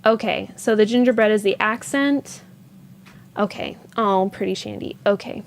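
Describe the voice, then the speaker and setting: A woman hosts a yarn shop livestream in a mid-range voice at a moderate pace. It's a casual chat: she thinks aloud and replies to viewers' comments along the way.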